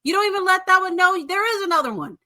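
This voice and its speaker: Woman guest, bright voice, lively pitch, blunt sassy opinions. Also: quick pace, no room sound, studio quality. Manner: blunt, sassy commentary with slang. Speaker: podcast guest. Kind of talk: casual chat.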